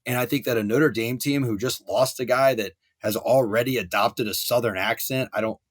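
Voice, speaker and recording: A young man on a sports podcast, getting worked up and ranting about college football. His pitch sits in a middle range, and he stretches phrases out for effect. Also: moderate pace. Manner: animated ranting with wrestling and pop culture riffs. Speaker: podcast co-host.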